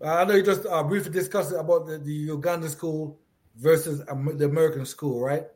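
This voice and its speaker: A man's voice: fairly high pitch, fairly even intonation, fairly quick, a little mellow. A middle-aged man interviewing a young woman in a casual chat, encouraging, laughing often and repeating his words.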